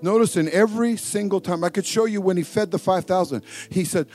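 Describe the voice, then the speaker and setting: A man preaching a lively sermon, swinging from booming to hushed and laughing often. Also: a little fast, soft background music. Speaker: pastor.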